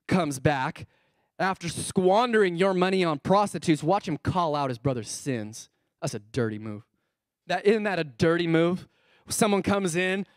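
A man in his thirties preaching a sermon as a pastor, animated, asking the congregation questions and acting out characters' lines. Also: sits high, dry recording, clean studio sound. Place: church.

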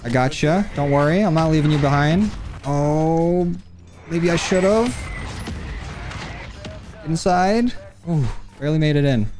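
A gaming YouTuber delivers casual, cocky commentary on his own gameplay, trash-talking in an animated way while faint music and in-game gunfire play behind him. His voice is fairly high-pitched and unhurried, with long pauses and a slight hiss or hum on the recording.

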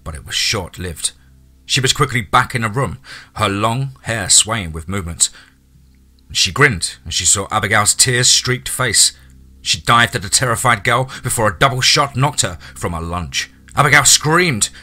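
A man narrating a horror story theatrically, dropping low and quiet for suspense. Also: expressive, normal speed.

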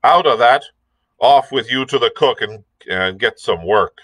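A man's voice: fairly low pitch, normal speed, a bit bright, dry recording, lightly acted. A man reading aloud and voicing a stern male ship captain who gives clipped, commanding orders.

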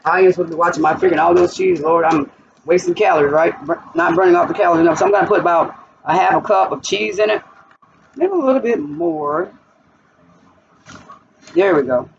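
A woman's voice: lowish voice, animated, a little fast, vocal fry, long pauses. A woman hosting a cooking vlog in her home kitchen, chatting straight to her viewers as she cooks. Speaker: cooking channel host. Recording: distant, muffled, noisy.

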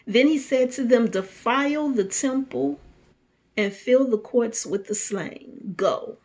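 A woman minister reading scripture aloud and preaching on it, moving between hushed passages and emphatic repetition. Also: on the high side, takes it slowly. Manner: reads scripture then preaches freely, shifts from soft whispers to fervent emphasis.

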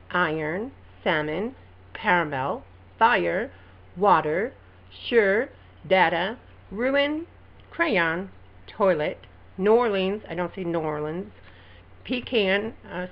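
A woman's voice: fairly low pitch, lo-fi sound. A woman from Alabama with an Alabama Southern accent, reading words aloud in a casual vlog and laughing between them. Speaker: vlogger. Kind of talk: casual word-list vlog.

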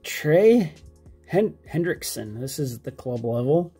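A man's voice: on the high side, sing-song, slow pace, warm tone, breathy edge, soft background music. A man hosting a card-collecting channel, chatting casually and naming cards as he flips them. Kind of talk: casual pack-opening chat.

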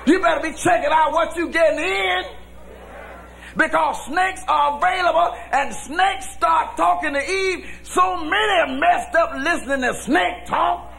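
A man preaching a sermon as pastor, shouting in a folksy preaching cadence. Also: very high-pitched, unhurried, gravelly, a faint crowd, a little hiss or hum. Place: church with congregation.

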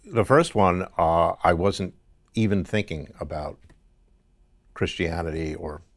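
A man guest in an interview, recounting a dream in a halting way with restarts. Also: sits low, no room sound. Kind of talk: testimony interview.

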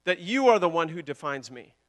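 A man preaching a sermon with passion, repeating words and swinging between loud declarations and hushed lines. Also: fairly high pitch, big pitch swings, a little fast. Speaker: pastor.

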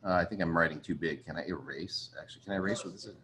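A man with a fairly low voice gives a relaxed chemistry lecture. He thinks aloud as he works through problems and apologizes often. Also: rapid-fire, very noisy. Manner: chatty, apologetic, thinks aloud while writing. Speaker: chemistry teacher. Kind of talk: casual recorded lecture.

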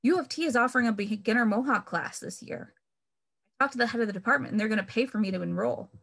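A woman's voice: on the high side, quick pace, gravelly, fairly bright tone. A woman reading aloud as a cheerful, chatty adult man, the narrator's husband, in an upbeat, eager manner.

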